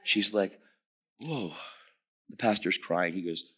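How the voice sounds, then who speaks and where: A man's voice: deep voice, slow pace, sharp tone, breathy edge. Emphatic preacher man in his fifties. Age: 50s. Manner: emphatic storyteller who acts out dialogue. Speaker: guest preacher. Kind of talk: sermon told as a personal story.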